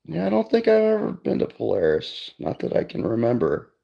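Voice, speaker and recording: A man's voice: fairly high pitch, huge pitch swings, a little fast, vocal fry, dull audio. A man in his forties from the Cleveland area, chatting casually with viewers as a streamer and rambling through stories while swearing freely. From Cleveland area, Ohio, USA. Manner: rambling storytelling, swears freely, says "I'm like" often.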